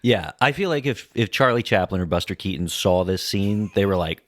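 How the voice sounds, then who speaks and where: A man co-hosting a podcast, casually retelling a film's scenes in an expressive way. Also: deep voice, a little fast, no echo, studio quality. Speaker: podcast co-host. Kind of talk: casual film review chat.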